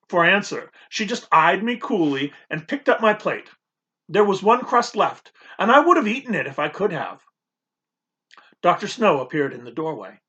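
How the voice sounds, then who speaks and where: A man narrating an audiobook in the first person, expressive and nervous in tone. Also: sits high, normal speed, muffled recording.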